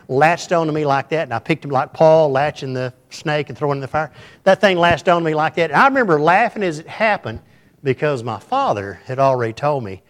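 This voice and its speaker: A pastor telling a folksy, humorous story in a sermon to his church. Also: on the high side.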